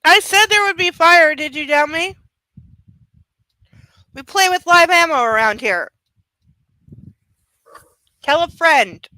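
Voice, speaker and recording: A woman's voice: very high voice, animated, slow, long pauses, bright, forceful tone, dry recording, poor audio. A woman hosting a live stream book club, chatting sarcastically and playfully. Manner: sarcastic, playful, coos at her dog. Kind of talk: casual live stream chat and reading aloud.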